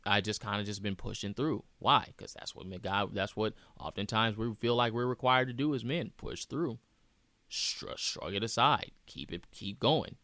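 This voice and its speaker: A man's voice: on the low side, moderate pace, bright, forceful tone, no room sound. A man speaking as host in a reflective personal monologue, earnest and repeating phrases for emphasis.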